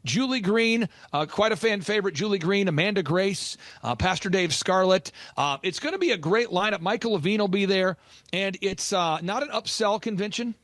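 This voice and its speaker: Speaking at a normal speed, this man has a high-sitting, fairly bright voice with no echo around it. As a podcast business coach giving motivational talk, he presses his points urgently and says key lines more than once for emphasis.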